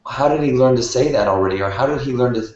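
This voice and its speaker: A man's voice: mid-range voice, fast talker, a little mellow. A man on a discussion panel reflecting on teaching his young son, speaking in a thoughtful, anecdotal way. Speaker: parent panelist. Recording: very echoey, dull room sound.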